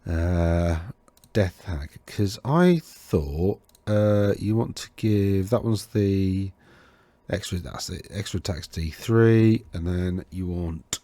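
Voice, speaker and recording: Low-voiced man rambling about army lists. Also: slow, warm tone, no room sound. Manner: rambling, self-correcting, talks to himself while browsing. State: tickly throat. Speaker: host of a tabletop wargame podcast. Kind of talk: casual talk over game lists.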